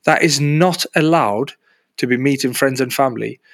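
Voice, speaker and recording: A man's voice: mid-range voice, normal speed, no room sound. Guy on a football podcast, bit nasal, keeps saying bro, dead dry mic. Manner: animated, says "bro" often. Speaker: podcast co-host. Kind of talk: casual sports chat.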